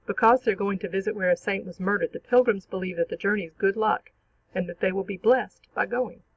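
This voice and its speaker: A teacher giving a clear, measured, scripted narration for an online literature lesson. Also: medium pitch, dry recording, narrow, tinny audio. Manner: clear, measured explanatory reading.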